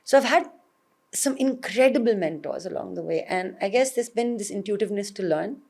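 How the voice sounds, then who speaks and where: An Indian woman, an actor, being interviewed and telling stories in an animated way with frequent laughter. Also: medium pitch, fairly quick, gravelly. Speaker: guest, actor. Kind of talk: conversational interview.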